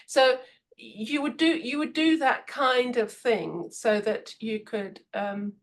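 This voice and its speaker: Her fairly high voice moves slowly as this woman, a podcast guest who's an expert on management, gives conversational advice. She tells stories animatedly, acting out quotes and laughing a lot.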